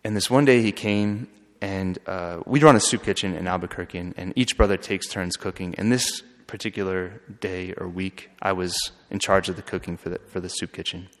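Friar telling a story, lowish voice, kinda halting and earnest, big hall echo. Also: male voice, fairly even intonation, fairly bright tone. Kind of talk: storytelling talk. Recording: long hall reverb.

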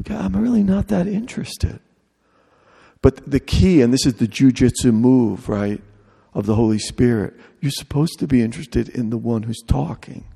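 A man's voice: medium pitch, normal speed, vocal fry, hardly any pauses, warm tone, husky, long reverb tail. A man preaching a sermon in a humorous, conversational way, acting out little dialogues.

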